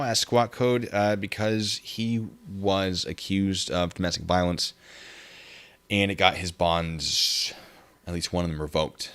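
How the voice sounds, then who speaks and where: A man's voice: sits low, fairly even intonation, slow, a bit bright, smooth. A young man hosting a casual livestream, rambling and reading viewer comments aloud. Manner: rambling, reads chat aloud. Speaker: livestream host.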